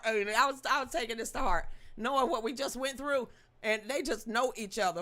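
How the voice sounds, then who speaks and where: A woman's voice: on the high side, brisk, pushed and bright. A woman hosting a live news commentary stream, talking emotionally and profanely, often repeating herself and greeting viewers in the chat by name. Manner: stammering repetitions. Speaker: livestream news host.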